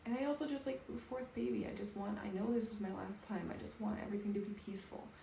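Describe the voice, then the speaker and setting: A woman in her thirties talking softly and calmly to camera in a personal home vlog. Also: mid-range voice, fast, creaky. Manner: soft, calm, reflective. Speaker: vlogger. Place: bathroom at home, indoors. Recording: echoey room with faint background noise.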